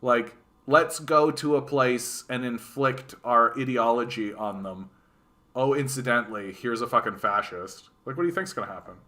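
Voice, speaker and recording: A man's voice: mid-range voice, moderate pace. A man with a Canadian accent giving casual, sarcastic political commentary on a live stream, reacting to chat and often restarting his sentences. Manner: animated, sarcastic, repeats words and restarts.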